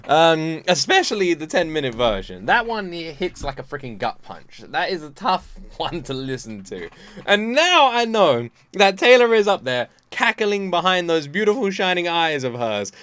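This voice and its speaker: A man hosting a casual reaction video, excitable and laughing often, with rambling restarts. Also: fairly high pitch, moderate pace, smooth. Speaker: reaction channel host.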